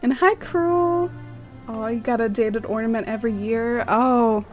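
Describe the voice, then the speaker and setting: A woman's voice: on the high side, a little slow, faint music behind. A woman streaming a game, chatting casually, greeting viewers by name and using lots of "like". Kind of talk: casual live-stream chat.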